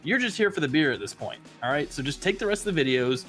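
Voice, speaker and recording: A man's voice: on the high side, lively intonation, fast talker, fairly bright tone, faint music behind. A man co-hosting a bracket pool recap, trading wry teasing remarks in casual banter. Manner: wry, teasing, short interjections.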